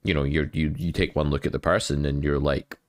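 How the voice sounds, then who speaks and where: Very deep-voiced Scottish-born man. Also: fairly even intonation, fairly quick, dry recording, clean studio sound. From west of Scotland. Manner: reflective, explains with examples. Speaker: podcast co-host. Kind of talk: casual chat.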